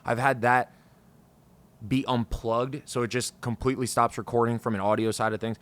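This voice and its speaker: A man's voice: mid-range voice, level tone, moderate pace, a bit bright, clean tone. Rambling, frustrated male podcast host. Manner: frustrated, rambling, swears freely. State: over-caffeinated, scattered. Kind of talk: casual solo podcast talk. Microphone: podcast microphone.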